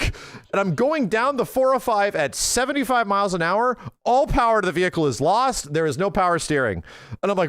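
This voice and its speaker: A man in his forties chatting casually on a livestream, telling animated stories with lots of swearing. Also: high-pitched, normal speed, dry recording, studio quality. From Los Angeles area. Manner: excitable, swearing, animated storytelling. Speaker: streamer.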